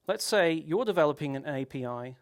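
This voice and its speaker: A man's voice: a little high, animated, a little fast. A man giving a technical conference talk, explaining at length with rhetorical questions and frequent restarts. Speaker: conference speaker.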